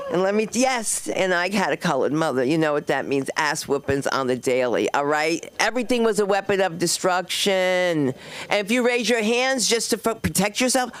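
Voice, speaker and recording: A woman's voice: lowish voice, animated, normal speed, smooth. A middle-aged woman hosting an open mic, telling loose, digressive stories on a comedy club stage into a handheld mic and acting out the people in them. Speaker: stand-up comic and host. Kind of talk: rambling stand-up set.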